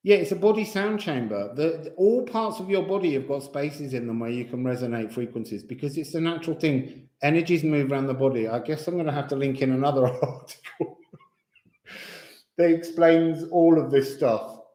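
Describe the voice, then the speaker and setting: A man's voice: on the high side, normal speed, warm tone. A man from England with a Kent accent, teaching a voice lesson in a chatty way, laughing often and counting breaths aloud. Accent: English, Kent. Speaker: singing teacher. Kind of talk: voice lesson, guided exercise. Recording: roomy echo.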